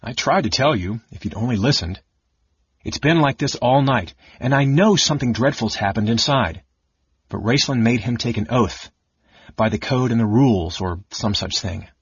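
A man putting on a frightened young noblewoman cleric, pleading in a raised, breathy voice. The storybook recording is dull and dry. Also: mid-range voice, moderate pace, no echo.

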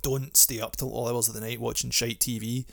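A young Scottish man co-hosting a podcast, blunt, sweary and quick to laugh. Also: mid-range voice, level tone, vocal fry. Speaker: podcast co-host, drummer. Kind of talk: casual podcast chat.

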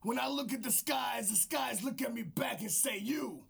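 A man's voice: very high-pitched, moderate pace, creaky, fairly bright tone. A man co-hosting a comedy podcast, talking in a growling put-on wrestler voice with boastful, profane trash talk. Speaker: podcast co-host.

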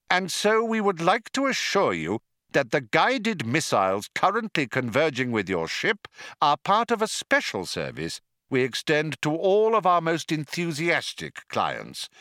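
A man's voice: a little high, a bit bright, no echo, studio quality, pitched above the performer's own voice, heavily acted. A man doing an icy, polite announcer voice. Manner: coldly polite, slow and formal. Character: cold menacing planetary recorded announcer.

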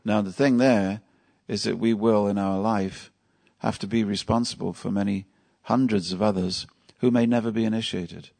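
A lowish, darkish, creaky voice with a steady tone comes through at a moderate pace with few pauses. The man is a temple lecturer giving a devotional class, sharing stories conversationally and asking his listeners questions.

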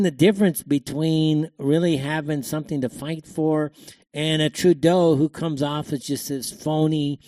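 A man's voice: a little high, darkish tone, no echo, clean studio sound. A man hosting a show, giving a rambling, emphatic opinion monologue full of fillers and repeated words. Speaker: show host.

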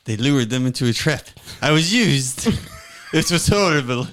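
A man's voice: on the low side, moderate pace, fairly bright tone, slight background noise. A man voicing an aloof, cowardly, retired male French flag in a weak put-on French accent, as improv comedy. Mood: wounded. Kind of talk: improv comedy role-play.

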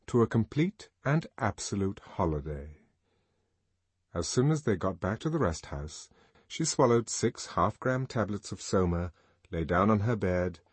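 A man narrating a novel in a measured, expressive audiobook reading. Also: fairly low pitch, husky, dry recording. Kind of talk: scripted narration.

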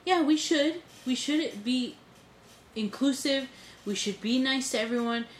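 A woman with a slightly high voice tells stories with animated indignation in a casual podcast talk. Her voice carries a roomy echo with faint ambient noise behind it. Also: a little slow. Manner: animated, indignant storytelling with swearing. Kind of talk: casual conversation.

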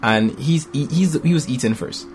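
A man in his thirties telling a story about his kids in casual conversation. His voice sits in a middle pitch and jumps high when he acts out other people. Soft guitar plays behind him. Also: normal speed.

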